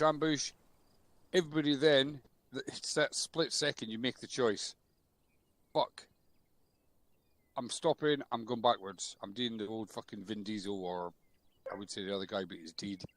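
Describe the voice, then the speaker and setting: A man's voice: mid-range voice, no echo. Casting: man, game-unit instructor, blunt and sweary with jokes, headset voice chat, dry sound. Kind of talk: military briefing in a game.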